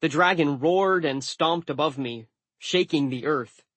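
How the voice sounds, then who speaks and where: Guy reading an audiobook, kinda high voice, wry deadpan, super dry close mic. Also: unhurried, no room sound. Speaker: audiobook narrator. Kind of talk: first-person audiobook narration.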